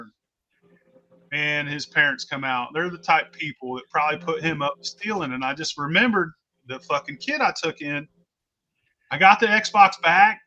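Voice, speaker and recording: A man with a high, bright voice tells a story in a loose, swearing, blunt way. He talks casually, like he is hanging out with friends. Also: highs cut off. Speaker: host.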